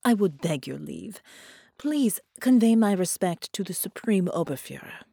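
A woman voicing a possessive female shapeshifter, talking in low, sultry, half-whispered tones with slow, menacing tenderness. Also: lively intonation, vocal fry, warm tone, breathy edge, no echo, studio quality, heavily acted. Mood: courteous. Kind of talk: audiobook character voice.

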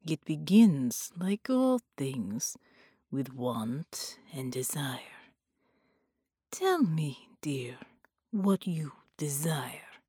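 A woman voicing a menacing male captor who speaks in a slow, hushed, breathy whisper. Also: low-pitched, sing-song, no room sound, studio quality, voice pushed down, heavily acted.

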